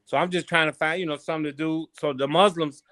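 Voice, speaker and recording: A man from Chicago, a former boxer, guesting on a podcast and telling stories from his life in a loose, animated, slangy way with plenty of swearing. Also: on the high side, fast, no room sound. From Chicago, USA. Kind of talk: casual storytelling interview.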